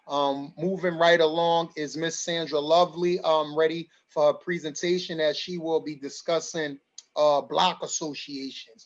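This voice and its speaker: A man's voice: a little high, lo-fi sound. A man hosting a community forum over a video call, emotional and rallying, repeating his phrases for emphasis. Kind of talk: livestreamed community meeting.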